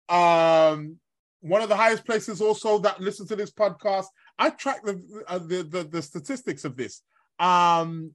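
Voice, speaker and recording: A man hosting an astrology show live from his bed while ill with covid, rambling and chatty with lots of fillers and shout-outs to listeners. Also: high voice. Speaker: astrology podcast host. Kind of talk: casual live-stream talk.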